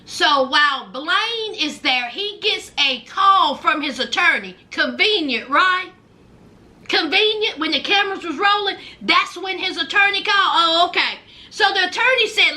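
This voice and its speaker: A woman with a Southern twang giving a sassy, animated recap of a reality TV show, calling her viewers honey and baby. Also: very high-pitched, unhurried. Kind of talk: casual recap commentary.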